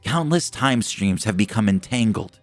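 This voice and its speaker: Solemn calm sorceress, measured and low, as a man puts her on. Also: no echo, soft background music, close to an everyday voice. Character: calm serious woman sorceress.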